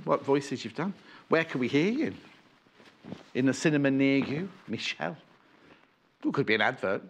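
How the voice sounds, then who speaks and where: A man presenting a live TV shopping show, chatting and rambling as he reads out viewer messages. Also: mid-range voice. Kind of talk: live TV selling chat. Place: TV studio. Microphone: earpiece and presenter mic.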